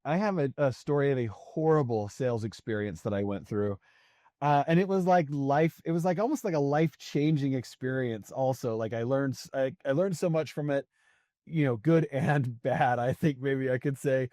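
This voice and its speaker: A man in his forties, a sales coach appearing as a podcast guest, tells a story in a casual, chatty way, laughing often and filling his speech with fillers. His mid-range voice has a dark tone and moves at a moderate pace. The recording is dry and clean, with studio sound.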